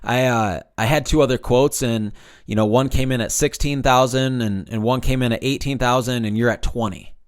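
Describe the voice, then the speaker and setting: A man's voice: mid-range voice, steady tone, clean tone, dry recording, studio quality, natural voice. A man playing a hesitant homeowner. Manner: hesitant, sighing, halting. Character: hesitant male homeowner pushing back on a quote.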